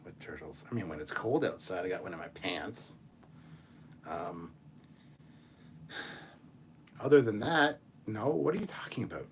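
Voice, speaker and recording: A man hosting a casual chat show, reading viewer messages and ranting in an animated, profane way. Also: lowish voice, measured pace, pauses often, a little hiss or hum. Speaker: channel host.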